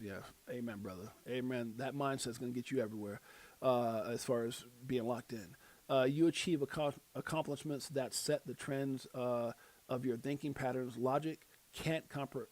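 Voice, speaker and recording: A man's voice: mid-range voice, normal speed, darkish tone. Rambling, slangy man hosting a live stream. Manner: rambling, self-deprecating, slangy. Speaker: livestream host. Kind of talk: casual live stream commentary.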